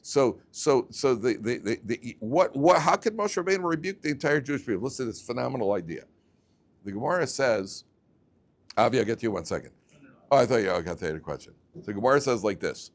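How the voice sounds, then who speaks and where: A man, a rabbi teaching a class, telling stories with lively, repetitive delivery and acting out both sides of arguments. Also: medium pitch, brisk. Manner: animated, repeats words, acts out both sides of arguments. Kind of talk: lively storytelling lecture.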